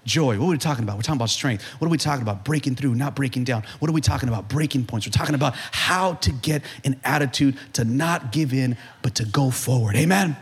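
A man preaching a sermon as pastor, building to shouts and joking with the congregation, calling out questions for them to answer. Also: medium pitch, quick pace, few pauses. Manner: preaching with rising shouts and humor, call-and-response.

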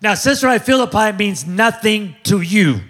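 Preaching with energy at a moderate pace, this forties-aged pastor has a high-pitched voice. He trades jokes with the crowd and reinforces each point with call-and-response repetition.

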